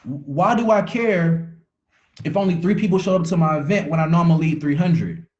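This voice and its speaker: A man with a fairly high voice gives a motivational talk over a dull, lo-fi call line. He preaches in repeated phrases, stumbling and restarting words as he pushes his point. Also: animated, brisk, a little mellow. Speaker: motivational speaker.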